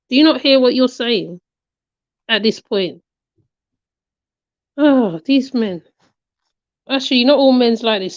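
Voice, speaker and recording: A woman's voice: a little high, no room sound. A woman giving casual reaction commentary, emphatic and repetitive, often checking in with "right?". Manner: emphatic, repeats her points, asks "right?" often. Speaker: commentary channel host. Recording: dry, slightly muffled lo-fi recording.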